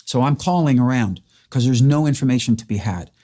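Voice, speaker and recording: A man's voice: mid-range voice, lively intonation, a little fast, mellow. A man earnestly recounting a personal story in a casual chat, acting out the dialogue. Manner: earnest, emotional, re-enacts dialogue. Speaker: interviewer.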